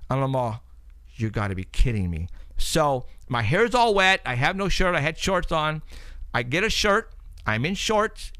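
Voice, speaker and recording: A man's voice: fairly high pitch, big pitch swings, unhurried, pushed and bright, clear, resonant tone, dry recording. A man hosting a paranormal talk show, telling a long story in a rambling way, repeating words and laughing often.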